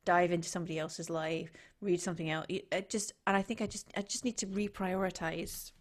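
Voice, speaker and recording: A woman's voice: lowish voice, fairly even intonation, fairly quick. A middle-aged woman co-hosting a podcast, chatting casually and trailing off into restarts. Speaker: podcast co-host. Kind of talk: casual chat.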